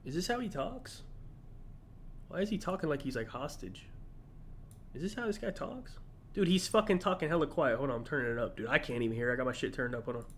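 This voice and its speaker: A man's voice: on the high side, animated, brisk, a little hiss or hum. A man streaming, reacting in casual, blunt, profane commentary, often incredulous.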